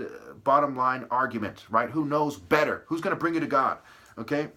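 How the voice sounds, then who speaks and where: Bright-voiced man lecturing emphatically. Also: medium pitch, expressive, moderate pace. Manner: emphatic, preachy, berating the audience; punning word-play, repeated "okay" and "right". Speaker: channel host. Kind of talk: lecturing solo monologue.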